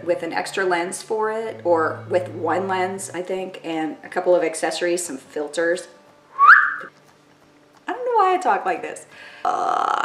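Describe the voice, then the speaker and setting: A woman's voice: lowish voice, a bit bright, roomy sound. Chatty self-mocking woman vlogger. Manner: chatty, self-mocking, uses lots of "like" and "totally". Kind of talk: casual chat to camera.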